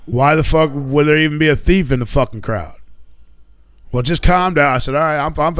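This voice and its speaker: A man hosting a live radio show tells a story casually and animatedly, with profanity, getting heated whenever he quotes himself. His voice sits on the high side, the pace is brisk, and the recording sounds dry.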